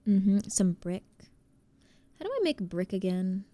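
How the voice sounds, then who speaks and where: A woman's voice: mid-range voice, sing-song, a little slow, dark tone, dry recording. A woman livestreaming a game, chatting casually, laughing often and greeting her chat. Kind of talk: casual gaming stream chat.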